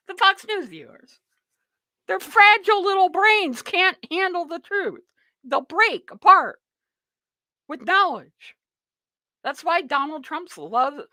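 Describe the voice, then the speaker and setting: A woman's voice: sits high, sharp tone, dry recording. A woman hosting a live political talk show, rambling and mocking in a sarcastic tone. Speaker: show host.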